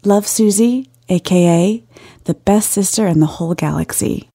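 A woman's voice: mid-range voice, moderate pace, warm tone, slightly rough, no echo, studio quality. A woman voicing a bold, playful, flirtatious sister with a bossy, teasing manner.

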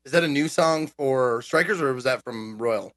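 A man's voice: medium pitch, normal speed, a bit bright. A man co-hosting a casual podcast chat about games, eager and full of questions. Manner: eager, questioning, stumbles over words. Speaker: podcast co-host.

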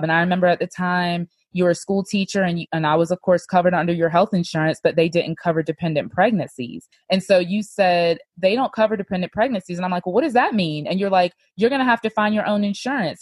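A woman's voice: fairly low pitch, no room sound. A woman podcast host telling her own story candidly, full of "like" and "you know.". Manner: earnest, lots of "like" and "you know".

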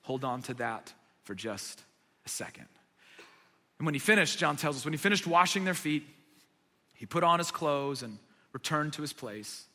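A man preaching a sermon, retelling a story dramatically and dropping from loud emphasis to near whispers. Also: fairly high pitch, animated, normal speed, long pauses, big-room sound. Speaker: pastor.

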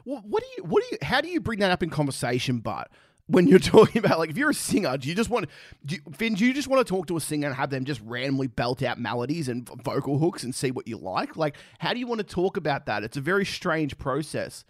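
A man's voice: a little high, big pitch swings, fast, no room sound, clean studio sound. A man giving profane, sarcastic reaction commentary. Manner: sarcastic, mocking, swears a lot.

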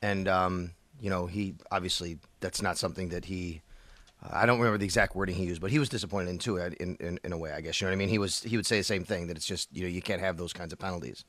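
A man's voice: sits low, fairly even intonation, fast talker, fairly bright tone, no echo. A man on sports talk radio, breaking down the game in a thoughtful, hedging way with many fillers.

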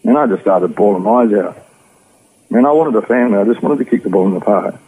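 A man with an Australian accent telling his personal story in rough, slangy speech as an interview guest. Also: lowish voice, expressive, fast talker, phone-quality sound. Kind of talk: personal testimony.

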